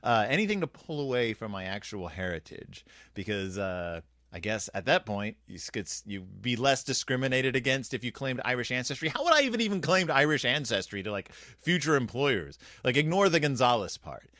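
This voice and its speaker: Wry, rambling man with lively pitch. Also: normal speed, no echo, clean studio sound. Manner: rambling, wry, self-deprecating humor. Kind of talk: casual storytelling monologue.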